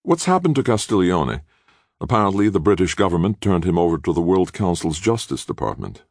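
A man reading an audiobook, voicing a steady, reserved male leader in a calm, measured manner. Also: sits low, dry recording, clean studio sound, pitched above the performer's own voice, heavily acted. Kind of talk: audiobook character voice.

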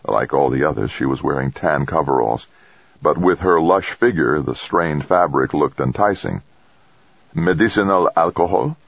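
A man reading a novel aloud in scripted, expressive narration. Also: rumbling low, moderate pace, creaky, slightly rough, no room sound, dull audio. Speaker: audiobook narrator.

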